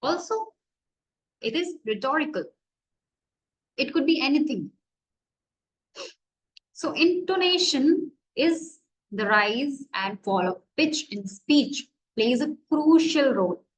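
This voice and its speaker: Slow high-voiced Indian woman lecturing. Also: lively intonation, low-quality recording. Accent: Indian English. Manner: explains slowly, asks and answers her own questions. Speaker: college lecturer. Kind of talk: classroom grammar lecture.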